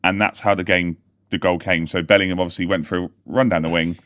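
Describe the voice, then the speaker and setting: Man, podcast host, low voice, dry close sound, sweary and easily sidetracked. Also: steady tone, fast, a bit bright, no room sound. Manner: sweary, loses his train of thought, laughs easily. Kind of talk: casual football chat.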